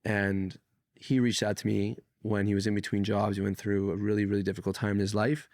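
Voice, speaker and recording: A man from Canada, a guest on an interview podcast, telling stories in a casual, animated way. He swears freely and acts out the people in his stories. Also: on the low side, brisk, no echo, clean studio sound. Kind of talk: casual conversational storytelling.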